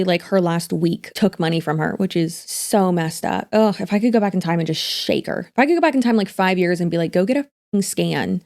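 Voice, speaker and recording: A woman's voice: fairly low pitch, mellow. A woman in her thirties giving casual commentary, chatty and hedging, with many filler words. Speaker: commentary YouTuber.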